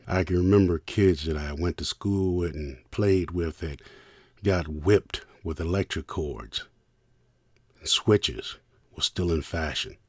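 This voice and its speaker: Older man, from Richmond, podcast host, very deep voice, reflective storytelling, heartfelt, dry close mic. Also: a little mellow, breathy edge, dry recording. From Richmond, United States. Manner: reflective first-person reminiscing, heartfelt thanks.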